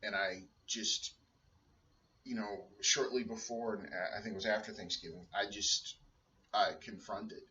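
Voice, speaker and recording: A man's voice: on the low side, fairly even intonation, unhurried, pushed and bright, slight background noise. A man in his thirties talking earnestly into a video blog, rambling with many restarts and fillers. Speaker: personal trainer and stay-at-home dad. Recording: roomy, dull sound from a distance.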